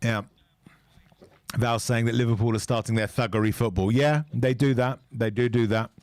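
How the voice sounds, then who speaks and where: A man co-hosting a football fan watch-along, talking in an animated, opinionated and jokey way. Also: medium pitch, normal speed, smooth, no echo. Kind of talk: casual chat.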